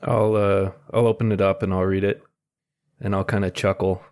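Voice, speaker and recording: A man playing a tabletop game, describing his character's actions in a halting way with many fillers. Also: deep voice, little pitch movement, a little mellow. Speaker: player.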